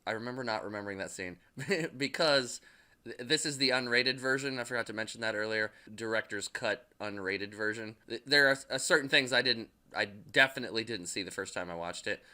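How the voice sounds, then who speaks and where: A young man gives a loose, rambling movie recap, full of fillers and curse words. He laughs at his own jokes as he goes. His voice is bright and crisp. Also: on the low side, brisk. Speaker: movie reviewer.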